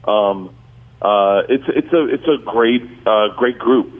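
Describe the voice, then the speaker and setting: A man's voice: mid-range voice, slow, narrow, tinny audio, slight background noise. A male comedian guest telling stories in casual chat, rambling and restarting his sentences.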